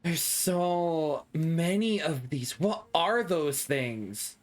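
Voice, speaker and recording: A man's voice: fairly high pitch, expressive, drawn-out words. A young man streaming a video game live, reacting with dramatic, whiny, self-mocking commentary.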